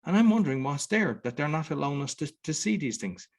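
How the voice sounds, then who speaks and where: A man's voice: fairly high pitch, expressive, quick pace. A man with an Irish accent hosting a podcast, talking in a loose, rambling way and acting out other people's words as he goes. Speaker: podcast host. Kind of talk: casual conversation.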